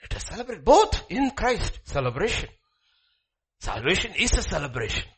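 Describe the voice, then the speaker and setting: A man preaching a sermon in a church, swinging between soft asides and loud, animated emphasis. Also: high voice, normal speed, breathy edge. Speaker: pastor.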